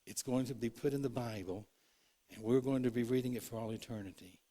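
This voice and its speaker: A man preaching a sermon in a church, earnest, moving between loud and hushed, acting out the quotes he tells. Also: mid-range voice, a little fast. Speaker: pastor. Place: church sanctuary.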